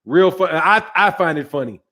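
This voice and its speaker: A man with a fairly high speaking voice hosts a boxing live stream. He talks in emphatic, repetitive bursts, stressing each point twice over between viewer chat messages. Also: expressive, moderate pace, bright, forceful tone. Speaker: boxing channel host. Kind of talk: live-stream commentary reading viewer chats.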